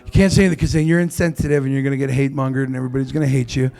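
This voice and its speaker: A man's voice: medium pitch, steady tone, racing, creaky, dark tone. A man doing a stand-up comedy set on a club stage into a handheld mic, brash and crude with self-mocking punchlines.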